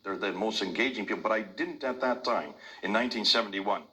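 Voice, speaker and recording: Forceful older man with an American accent. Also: lowish voice, brisk, low-quality recording. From India. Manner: emphatic, forceful delivery. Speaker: lecturer. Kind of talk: public talk to an audience.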